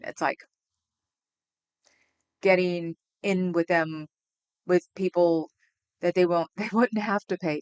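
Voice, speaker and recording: A woman in her fifties hosting a livestream at home, chatting in a rambling, casual way and laughing often. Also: lowish voice. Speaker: livestream host.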